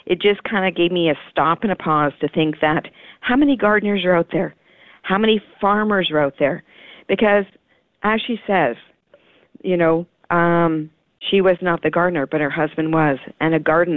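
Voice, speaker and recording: A woman's voice: lowish voice, normal speed, no room sound. A woman hosting a radio gardening show, talking in a rambling, heartfelt, conversational way. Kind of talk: casual radio talk. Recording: narrow phone-like radio sound, dry.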